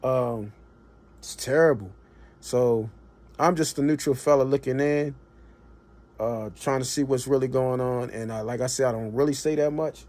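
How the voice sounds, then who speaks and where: A man's voice: medium pitch, moderate pace, a little mellow. A man, streaming a blunt, colloquial political rant that rises to impassioned emphasis. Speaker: livestream commentator. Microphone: streaming mic.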